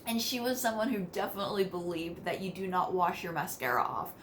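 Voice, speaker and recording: A vlogger from West Virginia with a somewhat low voice speaks fairly quickly to camera, chatting casually about family stories. She laughs between sentences and adds animated asides, with slight background noise present.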